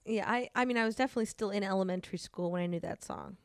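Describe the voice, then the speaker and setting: A woman's voice: mid-range voice, rapid-fire, clear, resonant tone, dry recording, clean studio sound. A woman comedian in casual crude comedy chat, playful and reciting dirty rhymes. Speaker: comedian and podcast co-host.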